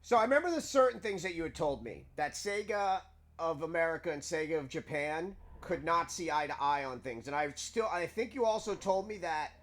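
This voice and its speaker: A man's voice: on the high side, expressive, brisk, fairly bright tone. A man streaming a game live and chatting casually, rambling and restarting his words as he talks. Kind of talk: casual chat while playing a game.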